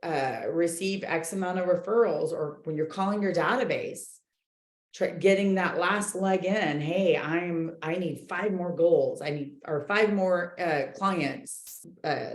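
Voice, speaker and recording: A woman coaching a book club group, talking in an animated, chatty way with many fillers. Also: fairly low pitch, slow, reverberant. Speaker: real estate coach leading a book club. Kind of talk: casual group talk, reading and commenting.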